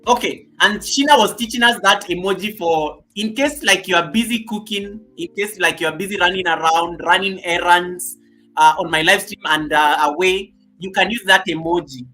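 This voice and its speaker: Guy hosting a live stream, high bright voice, keeps greeting chat by name, faint music behind. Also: normal speed, poor audio. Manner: chatty, greets viewers by name, repeats himself. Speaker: livestream host. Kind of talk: casual livestream chat.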